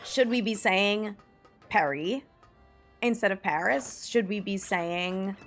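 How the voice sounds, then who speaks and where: A young American woman chats while playing a game, her medium-pitched, fairly bright voice taking its time. She's eager and rambling, sprinkling in "like" constantly and swearing now and then, against faint game music.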